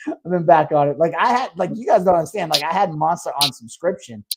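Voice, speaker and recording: A man's voice: on the high side, expressive, fast, creaky, background noise. A man telling a long story on a casual podcast, rambling and swearing a lot, full of fillers like "like.". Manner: rambling, heavy swearing, lots of "like". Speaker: podcast co-host; restaurant owner.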